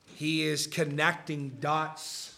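A man's voice: on the high side, level tone, takes it slowly, creaky, bright, forceful tone. A male pastor giving a conversational sermon to a live congregation, often checking in with the room. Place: church service before a live congregation.

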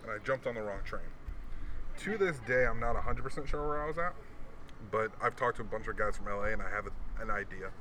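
Man, casual profane storyteller, bright punchy voice. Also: lowish voice, brisk, slight background noise. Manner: profane, animated, acts out quoted voices.

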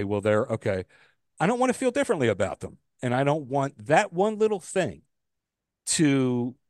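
A man's voice: mid-range voice, dry recording, studio quality. Rambling man ranting on a podcast. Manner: rambling, animated, swears freely. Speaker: podcast co-host. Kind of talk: casual podcast rant.

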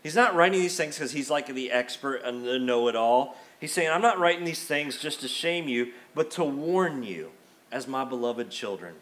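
A man's voice: medium pitch, expressive, moderate pace, a bit bright. A middle-aged man preaching a sermon as a pastor, conversational and emphatic, acting out quotes in the middle of his points. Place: church sanctuary.

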